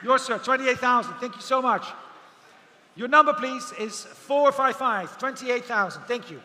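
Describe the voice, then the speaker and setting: Guy auctioneering, really high bright voice, long reverb and faint noise behind. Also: lively intonation. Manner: rapid repetitive bid calling, joking asides. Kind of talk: auction calling. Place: outdoor auction event.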